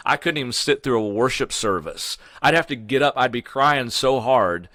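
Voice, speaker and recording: A middle-aged man, a podcast guest telling his story in a casual, animated way, full of "you know" and "man". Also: medium pitch, normal speed, no room sound.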